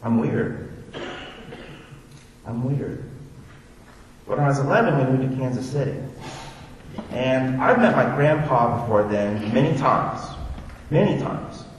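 A man's medium-pitched voice moves a little slowly, with long pauses, as he tells an audience personal stories for his testimony: chatty, self-deprecating and digressive. He is from Orlando, Florida. The echoey hall, distant mic and a little hiss or hum shape the sound.

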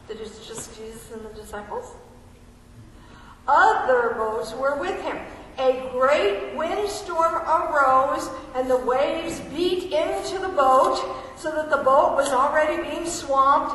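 A woman's voice: sits high, a bit bright, a little hiss or hum. A woman preaching a sermon in a conversational, questioning way, reading scripture aloud and asking the listeners questions. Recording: echoey hall, mic far off.

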